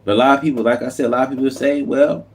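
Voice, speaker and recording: A man's voice: medium pitch, fairly even intonation, racing. Impassioned man preaching a political rant. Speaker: YouTube commentator. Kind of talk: unscripted political monologue.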